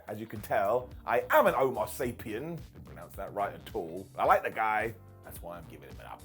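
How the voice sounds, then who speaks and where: A British man casually reviewing a wrestling show as its regular host, joking and putting on quick mock voices. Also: mid-range voice. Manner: animated, jokey, mock voices for quotes.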